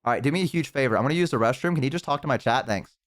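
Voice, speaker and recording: A man streaming live, talking quickly in a joking, mock-indignant way. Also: mid-range voice, animated, no echo, studio quality. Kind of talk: casual live-stream chat.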